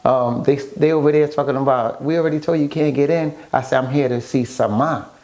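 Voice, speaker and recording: A man recounting how he met someone, in a relaxed interview. He slips into the voices of the people he talks about, keeping a middle-pitched, everyday voice. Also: fast talker. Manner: animated storyteller acting out quoted dialogue. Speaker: guest, author and photographer. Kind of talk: casual storytelling interview.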